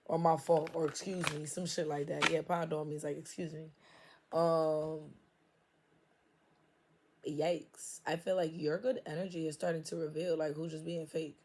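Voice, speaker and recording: A low-voiced woman reads tarot in a loose, casual flow, speaking. She is blunt, swears freely and laughs often. A faint hiss sits behind her voice. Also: level tone, normal speed. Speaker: tarot reader. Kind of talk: casual spiritual reading, profane and playful.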